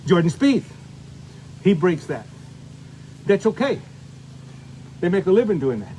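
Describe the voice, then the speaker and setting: A man's voice: high-pitched, very animated, a little slow, dark tone, slight background noise. Folksy older man teaching golf. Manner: folksy, chatty, demonstrating as he talks. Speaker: golf instructor. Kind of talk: on-course golf lesson.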